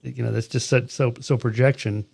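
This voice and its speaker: A man's voice: medium pitch, level tone, normal speed, gravelly, darkish tone, breathy edge. A man in his sixties hosting a podcast, chatting casually and cutting in on himself in a conversational interview. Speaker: podcast host.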